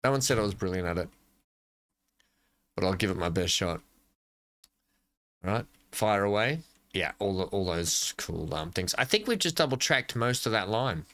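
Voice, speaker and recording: A man's voice: lowish voice, expressive, moderate pace, pauses often, a bit bright. An Australian man hosting a casual gameplay commentary, chatty and jokey, talking to himself as he plays. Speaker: gaming channel host.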